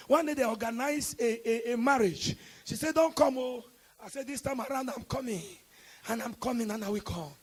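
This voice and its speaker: Husky high-voiced Nigerian evangelist preaching. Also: male voice, moderate pace. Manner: impassioned preaching, rising to shouted declarations. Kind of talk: sermon. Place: church service hall.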